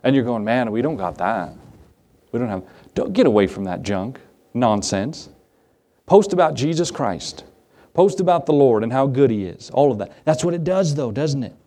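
A man preaching a sermon as pastor, emphatic, repeating key phrases and asking rhetorical questions, moving between raised passages and quiet asides. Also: medium pitch, sing-song, moderate pace.

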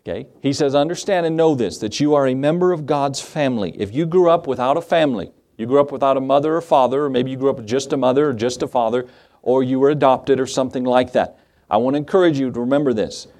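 A man's voice: medium pitch, fast, darkish tone. A middle-aged man, a pastor, preaching a sermon in a conversational way and often asking his listeners questions.

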